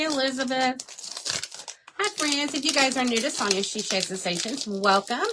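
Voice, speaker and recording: A woman's voice: medium pitch, a bit bright. Woman, friendly craft livestream host, chats with viewers, phone mic, faint hiss. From Arkansas, southern United States. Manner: chatty, greets viewers by name, says "y'all". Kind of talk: casual live craft unboxing chat. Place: indoor home craft space.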